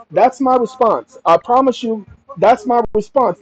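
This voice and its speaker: High-pitched guy reading the news and reacting hard, talks right at his viewers, muffled lo-fi audio. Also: a little slow. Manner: emphatic, addresses viewers directly. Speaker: commentary channel host.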